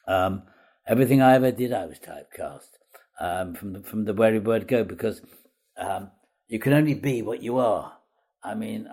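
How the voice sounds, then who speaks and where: Older man, husky storyteller. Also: lowish voice. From Wales. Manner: chatty, self-deprecating, lively with hesitations. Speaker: veteran actor guest. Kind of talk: anecdotal storytelling.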